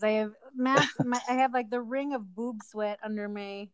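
A woman's voice: on the high side, steady tone, moderate pace, a crowd in the background. A woman co-hosting a podcast in casual chat, talking with lots of likes and fillers. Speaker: podcast co-host.

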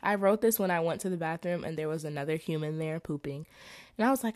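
A young woman, a college student reading through her notes in an animated, profane, exasperated rant. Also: deep voice, fast. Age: young adult.

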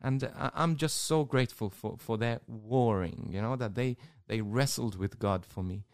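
A priest telling his own story in an interview, emotional and halting, often repeating words. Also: mid-range voice, darkish tone, no room sound, studio quality. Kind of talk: personal testimony in an interview.

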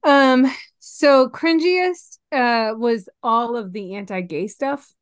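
A woman's voice: on the high side, slow pace, no echo, studio quality. A middle-aged woman co-hosting a podcast, chatting animatedly about a film and often trailing off and restarting. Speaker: podcast co-host. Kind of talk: casual chat reviewing a film.

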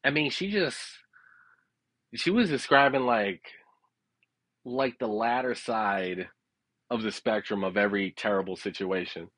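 A man's voice: on the low side, unhurried, long pauses, fairly bright tone, no echo. A man telling a rambling personal story in a casual, profane way. He keeps checking in with his listeners and laughs at his own tale. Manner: rambling, profane, frequent "you know what I'm saying".

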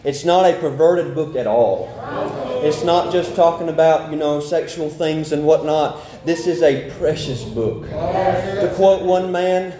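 A man preaching a sermon, fervent and a little out of breath, reading scripture slowly. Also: fairly high pitch, crowd noise. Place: church sanctuary. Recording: echoey church with congregation.

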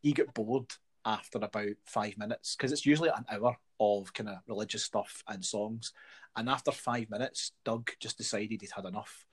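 A man's voice: on the low side, steady tone, normal speed, slightly rough. A middle-aged man with a Scottish accent, telling wry stories and swearing freely in a casual chat.

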